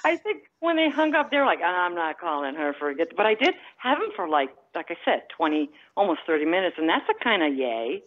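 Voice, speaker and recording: A woman from the Midwest calling in to a talk show, rambling and halting with lots of fillers. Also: mid-range voice, very animated, highs cut off. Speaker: caller. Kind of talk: phone-in chat.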